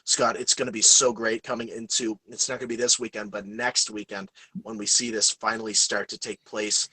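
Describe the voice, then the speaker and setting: Brief: excitable American male podcast co-host, dry booth sound. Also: on the low side, fairly quick, slightly rough, no echo, poor audio. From United States. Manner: excitable, rambling, promo-heavy. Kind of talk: casual podcast chat.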